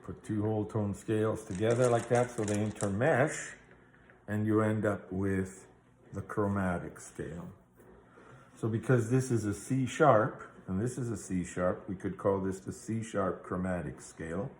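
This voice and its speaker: A man's voice: lowish voice, measured pace, a little mellow, reverberant, slight background noise. A man teaching a guitar theory lesson, explaining patiently step by step and checking in with the listener. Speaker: music teacher.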